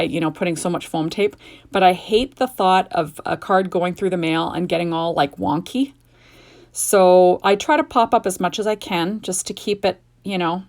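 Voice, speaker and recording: A middle-aged woman hosting a casual card-making tutorial at home, chatty and gushing, with rambling asides. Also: on the low side. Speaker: card-making video host. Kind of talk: casual craft tutorial chat.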